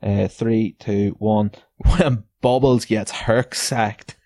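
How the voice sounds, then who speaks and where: A man riffs alone on his podcast in a loose, sardonic rant, cursing freely and chuckling at his own jabs. His voice sits on the low side with a warm, mellow tone, and the recording is close and dry. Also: steady tone, extremely slow, dry recording. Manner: sweary, sardonic, laughs between lines. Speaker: podcast host. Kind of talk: casual solo rant.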